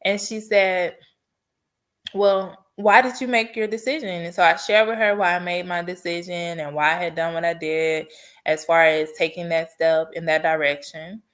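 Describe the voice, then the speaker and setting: A woman hosting a podcast gives a personal testimony monologue, earnestly and heartfeltly sharing her story and offering faith-based encouragement. Her voice is on the low side and fairly bright, with a level tone and moderate pace.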